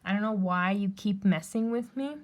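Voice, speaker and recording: A woman's voice: medium pitch, normal speed. Blunt, profane woman telling a story. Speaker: vlogger. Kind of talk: personal storytelling rant.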